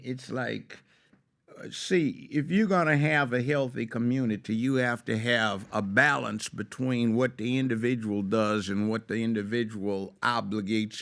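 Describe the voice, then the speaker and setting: Gravelly older man, emphatic talk. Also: mid-range voice. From United States. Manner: emphatic, rising to loud exclamations. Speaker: guest, former judge. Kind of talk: opinionated talk show monologue.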